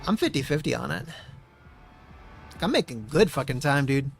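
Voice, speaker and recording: A man's voice: a little high, expressive, normal speed, vocal fry, slight background noise. A man streaming a racing game, muttering to himself and swearing often as he chats. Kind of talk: casual gameplay commentary.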